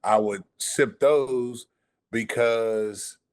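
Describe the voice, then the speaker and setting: A man of middling pitch hosting a podcast, spinning a story in a loose, unhurried way. He drawls through some phrases and swears freely. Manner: laid-back, profane storytelling that drawls at times. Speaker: podcast host. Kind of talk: casual chat.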